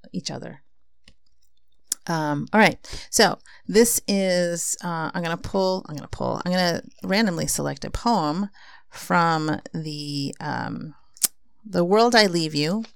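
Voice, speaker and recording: A woman's voice: deep voice, creaky, no echo, studio quality. A woman hosting a podcast, talking in an earnest, reflective way and reading poetry aloud. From Filipino heritage. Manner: earnest and reflective, with frequent fillers. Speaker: podcast host.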